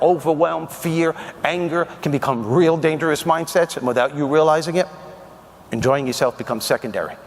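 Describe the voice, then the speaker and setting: A man on stage delivering a comedic motivational keynote to an audience in a large hall, punchy and emphatic. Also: a little high. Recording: reverberant hall.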